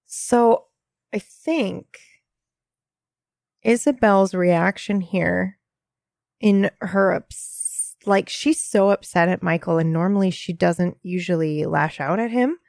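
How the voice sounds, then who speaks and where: A woman's voice: on the low side, slow pace, creaky, darkish tone, dry recording, clean studio sound. A woman co-hosting a casual rewatch podcast, chatting and narrating scenes. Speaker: podcast co-host.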